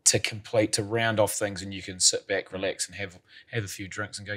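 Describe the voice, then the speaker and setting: A man's voice: on the low side, fairly even intonation, fairly quick, hardly any pauses, fairly bright tone. A man hosting a golf podcast, asking long, rambling questions that he rephrases as he goes. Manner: rambling, restates his questions. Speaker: podcast host. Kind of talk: interview questions.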